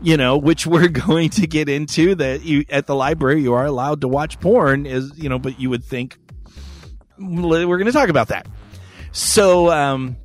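A man's voice: fairly high pitch, moderate pace, soft background music. A man hosting a podcast, telling a story in a profane, rambling, wry way. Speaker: podcast host. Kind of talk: casual storytelling chat.

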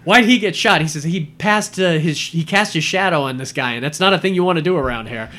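A man's voice: fairly high pitch, fast talker, a bit bright. Rambling man in casual chat. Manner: rambling, many "uh" and "like" fillers. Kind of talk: casual chat retelling a film.

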